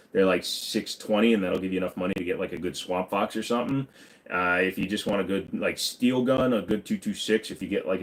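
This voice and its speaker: Man with a lowish voice, casual livestream Q&A, reads chat questions, answers offhand, lots of fillers.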